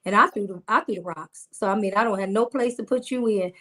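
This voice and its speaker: A woman's voice: medium pitch, quick pace, sharp tone. A woman guest in a casual faith conversation, earnest and preacherly, repeating lines for emphasis.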